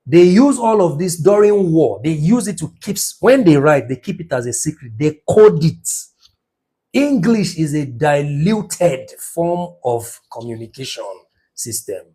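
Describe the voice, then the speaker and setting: A man's voice: a little high, expressive, unhurried, dark tone, slightly rough. A middle-aged man teaching business numerology in an impassioned lecture, stressing words by drawing them out and asking rhetorical questions.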